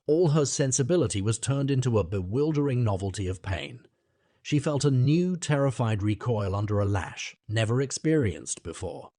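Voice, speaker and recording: A man narrating a classic novel as an audiobook, in a measured, literary reading. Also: mid-range voice, animated, warm tone, no echo, clean studio sound.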